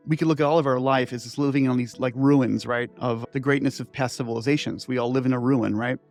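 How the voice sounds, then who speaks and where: A man in his sixties, an inventor telling his story in a loose, digressive interview chat full of "like" and "right?" asides. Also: medium pitch. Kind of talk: rambling conversational storytelling.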